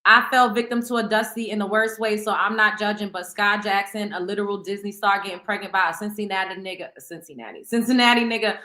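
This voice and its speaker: A woman hosting a live celebrity gossip show, talking in a blunt, profane and animated way. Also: mid-range voice, fast talker, few pauses, echoey room. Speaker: host.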